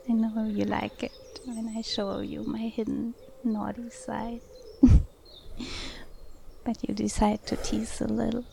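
A young adult woman narrating a whispered role-play, breathy and soft, with frequent small laughs. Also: fairly high pitch, completely flat delivery, slow pace, slight background noise.

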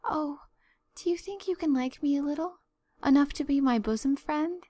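A woman's voice: high-pitched, moderate pace, mellow, no echo, pitched above the performer's own voice, close to an everyday voice. Anne: a woman doing a gushing orphan girl. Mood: pleading. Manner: breathless, gushing, wordy. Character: eager, dramatic, excitable orphan girl.

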